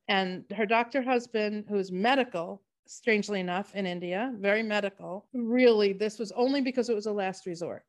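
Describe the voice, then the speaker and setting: A woman's voice: mid-range voice, a little fast, few pauses. A woman co-hosting a podcast, chatting casually and telling long rambling stories. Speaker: podcast co-host. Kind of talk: casual chat.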